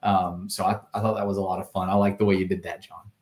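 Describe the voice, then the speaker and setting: Male guest actor, low voice, roomy echo, reflective with wry jokes. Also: level tone, fast talker, a little mellow. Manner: thoughtful, joking asides. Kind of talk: casual interview chat. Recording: echoey room.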